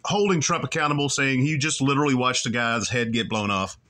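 A man's voice: medium pitch, a little fast, bright, forceful tone. A man hosting a commentary show, making wry, teasing asides over clips. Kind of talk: casual mocking commentary.

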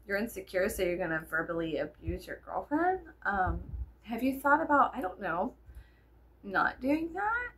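A woman's voice: medium pitch, sing-song, normal speed, a bit bright, a little hiss or hum. A tired young woman rambling to her viewers in a casual vlog, swearing a lot and joking sarcastically. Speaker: vlogger. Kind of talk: casual chat to camera.

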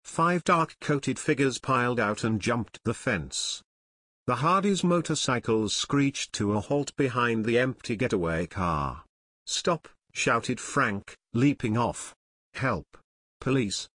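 A man reading a novel aloud as an audiobook narrator, steady and measured. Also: medium pitch, dry recording, clean studio sound. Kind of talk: scripted narration.

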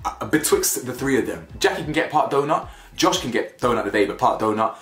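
Lively British man, roomy sound. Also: medium pitch, a little fast. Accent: British, with urban slang. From United Kingdom. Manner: animated, slangy, blunt, laughs at own jokes. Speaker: reality TV reviewer. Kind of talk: casual opinionated commentary. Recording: roomy echo, faint music behind.

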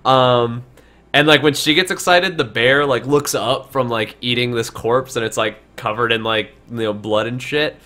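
A man's voice: mid-range voice, moderate pace, pushed and bright. A man narrating a tabletop game as game master on a live stream, talking loosely with many fillers.

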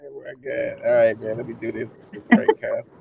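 A man's voice: mid-range voice, flat delivery, a little fast, gravelly, a little mellow, highs cut off, slight background noise. A man hosting a podcast in laid-back, joking, slangy casual chat. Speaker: podcast host.

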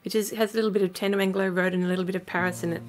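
A woman's voice: medium pitch, flat delivery, rapid-fire, slight background noise. A woman singer-songwriter hosting a live stream, chatty and giggly, speaking into a webcam mic.

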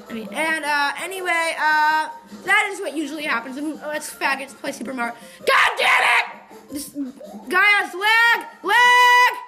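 Very high-voiced woman ranting while gaming. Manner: foul-mouthed, mocking, bursts into yelling. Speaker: gameplay commentator. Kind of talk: profane ranting game commentary. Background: game music.

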